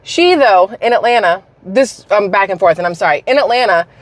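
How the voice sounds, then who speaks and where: Woman, mild southern accent, sarcastic vlog host, rambling asides, mid-pitched voice, dry close sound. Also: lively intonation, fairly quick, no echo. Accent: mild Southern American. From South Carolina, raised in Georgia. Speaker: political commentary vlogger. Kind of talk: casual ranting commentary.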